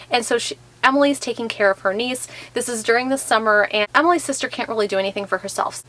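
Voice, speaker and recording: A woman's voice: a little high, a bit bright. A woman giving a casual video book review, talking in a chatty way with lots of "like" fillers. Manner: chatty, heavy use of "like" fillers.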